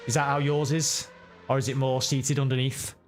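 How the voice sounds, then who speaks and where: A man who streams sim racing gives live, casual commentary on a racing game in a medium-pitched, level voice at a moderate pace. Soft music plays in the background while he rambles and corrects himself along the way.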